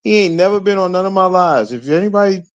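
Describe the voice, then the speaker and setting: High-voiced man reacting on a livestream. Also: no echo, dull audio. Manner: animated, quick reactions and questions to chat. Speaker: livestream co-host. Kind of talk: casual livestream chat.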